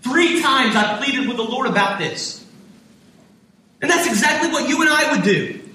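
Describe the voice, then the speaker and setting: High bright-voiced preacher in an echoey hall. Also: male voice, expressive, normal speed. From United States. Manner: impassioned preaching, voicing prayers and God's reply. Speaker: pastor. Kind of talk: sermon. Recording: echoey hall, mic from a distance.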